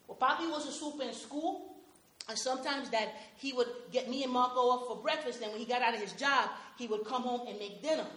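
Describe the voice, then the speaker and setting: A woman's voice: a little high, fairly quick, a bit bright, lightly acted. A woman playing a tough young Nuyorican man. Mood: grim. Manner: tough, confrontational street talk mixed with Spanish. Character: streetwise young Puerto Rican man from Brooklyn, hardened and bitter. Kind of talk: dramatic monologue.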